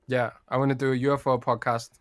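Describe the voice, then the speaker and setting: A man's voice: mid-range voice, flat delivery, fast, slight background noise. A British man from the UK co-hosting a podcast, chatty and rambling, laughing often. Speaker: podcast co-host. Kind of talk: casual chat.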